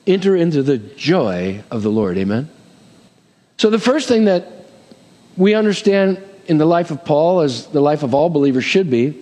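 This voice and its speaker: A middle-aged man preaches with a lively, swooping delivery, pitched slightly high for a man. He leans on call-and-response amens and light jokes. His voice rings out with a long reverb in a large church. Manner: jokes and acts out quoted voices. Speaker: pastor. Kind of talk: sermon.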